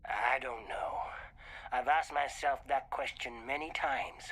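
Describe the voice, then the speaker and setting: A man playing a brooding spaceship crew member haunted by lost memories, speaking in a hushed, breathy, hesitant way in video game dialogue. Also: mid-range voice, steady tone, slow pace. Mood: reflective.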